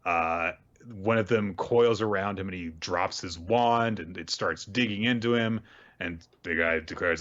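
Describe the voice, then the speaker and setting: A deep-voiced man hosts a podcast and walks through a manga chapter in a loose, rambling way. He speaks in a bright, forceful tone and drops in wry asides. The audio is dull and lo-fi. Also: unhurried. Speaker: podcast host. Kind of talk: casual manga recap chat.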